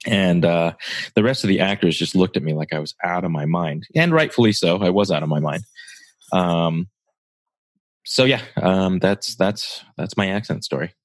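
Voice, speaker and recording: A man's voice: low-pitched, moderate pace, dry recording. A man in his twenties co-hosting a podcast, chatting casually and telling stories with candid swearing. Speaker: podcast co-host. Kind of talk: casual chat.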